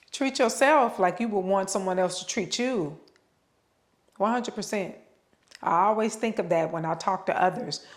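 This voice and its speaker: A woman speaking at a middle pitch gives an unscripted motivational talk. She addresses the listener directly and repeats words for emphasis. She drags out her words in a preaching cadence. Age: adult with children.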